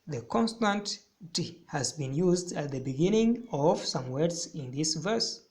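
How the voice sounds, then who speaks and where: Repeating phrases for emphasis, a man works slowly and deliberately through a recorded literature lesson. His pitch runs fairly high, his delivery is expressive, and his tone leans dark.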